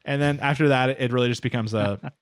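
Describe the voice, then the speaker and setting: A man's voice: medium pitch, quick pace. A man co-hosting a casual anime podcast, retelling an episode in a rambling way, full of fillers and quoted lines. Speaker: podcast co-host. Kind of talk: casual anime recap chat.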